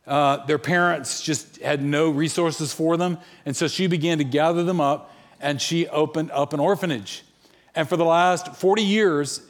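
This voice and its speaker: A man preaching a sermon, telling stories and acting out the quoted dialogue. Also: fairly high pitch. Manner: animated, acts out quoted dialogue. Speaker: pastor. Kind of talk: sermon storytelling.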